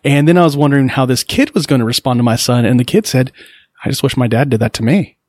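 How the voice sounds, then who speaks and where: A man's voice: medium pitch, fast talker, a little mellow, no room sound, studio quality. A man in his forties hosting a podcast, telling stories in a chatty, joking way. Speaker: podcast host. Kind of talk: casual conversation, storytelling.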